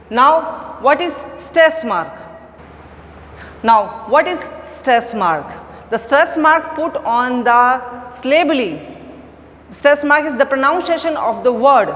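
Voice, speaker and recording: A woman giving an online phonetics lecture, slow and repetitive, stressing key words. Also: a little high, a bit bright. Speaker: teacher. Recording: long echo, faint background noise.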